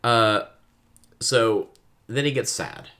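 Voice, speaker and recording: A man's voice: mid-range voice, takes it slowly, bright, forceful tone. A man co-hosting a podcast, chatting casually about a book and giving frequent listener backchannels.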